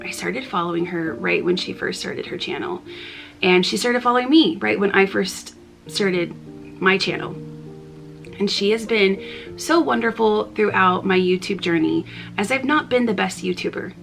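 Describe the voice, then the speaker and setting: A woman's voice: fairly low pitch, creaky, fairly bright tone. A woman vlogger talking to camera in an earnest, open and chatty way. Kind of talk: heartfelt talk to camera. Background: background music.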